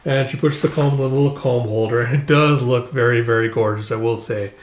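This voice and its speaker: In an echoey room, a man loosely retells a manga as he reads through it, padding his narration with plenty of filler. His medium-pitched voice is steady in tone and a little fast.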